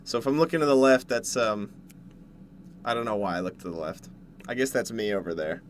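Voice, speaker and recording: A man from Canada, streaming casually from home while eating, jumping from loud yelps to low mumbles. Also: brisk, slight background noise. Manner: excitable, jumps to loud yelps then mumbles. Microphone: desk mic, no headset.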